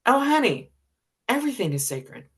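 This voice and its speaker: A woman voicing a gentle, amused female divine spirit who speaks tenderly and teases lightly. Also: a little high, very animated, normal speed, breathy edge, voice pushed up, exaggerated voice. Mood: gentle, affectionate. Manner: tender, teasing.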